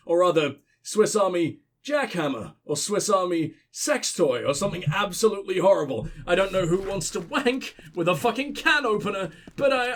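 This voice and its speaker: A man hosting a let's play, giving casual gameplay commentary full of profanity and mocking jokes. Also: sits high.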